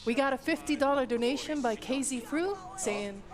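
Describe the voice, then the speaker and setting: A woman's voice: sits high, normal speed. A woman filling in to read donation messages on a live stream, cheerful and upbeat. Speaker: donation reader.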